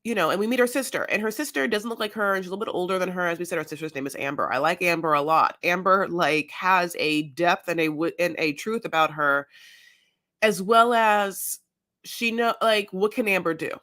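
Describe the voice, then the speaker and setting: A woman's voice: lowish voice, a little fast, a bit bright. A woman co-hosting a podcast, retelling scenes in a chatty, filler-heavy way and slipping into playful quoted voices. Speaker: podcast co-host. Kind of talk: casual recap chat.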